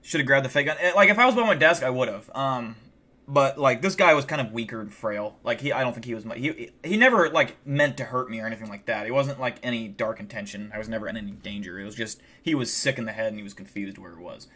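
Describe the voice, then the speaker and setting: Male streamer, mid-pitched voice, loose and rambling, curses constantly, casual live-stream chat. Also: expressive, quick pace, pushed and bright. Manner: rambling and heavily profane, many fillers like "like".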